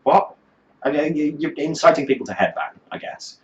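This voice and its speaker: A man's voice: fairly high pitch, animated, normal speed, darkish tone, slight background noise. Sardonic swearing man, roomy lo-fi sound. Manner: sardonic, scornful, swearing freely. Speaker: music reviewer. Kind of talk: profane reaction commentary.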